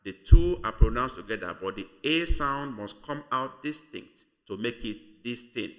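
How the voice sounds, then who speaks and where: Nigerian male tutor, unhurried, bright tone, repeats words for learners. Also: medium pitch, animated. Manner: slow, deliberate teaching, repeating words for learners. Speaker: language tutor. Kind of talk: spoken language lesson.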